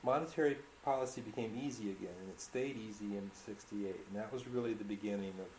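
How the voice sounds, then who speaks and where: A man with a lowish voice asks thoughtful, leading questions, musing through his points before handing the floor over. He sounds like he is in an echoey room, with a faint hiss underneath. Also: fast, a little mellow. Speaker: interviewer, economist. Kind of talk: oral history interview.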